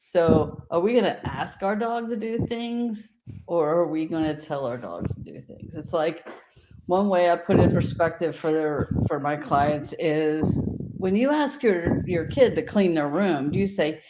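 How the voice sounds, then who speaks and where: A woman's voice: on the low side, animated, measured pace, heavy background noise. A woman dog trainer speaking on a video call, direct and confident, explaining tones of voice to use with dogs. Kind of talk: casual instructive chat.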